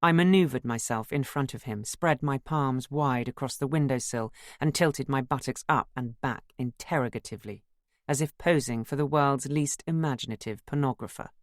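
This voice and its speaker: Audiobook narrator, mid-pitched voice, measured literary read, dead dry sound. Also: male voice, no echo. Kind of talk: scripted first-person audiobook narration.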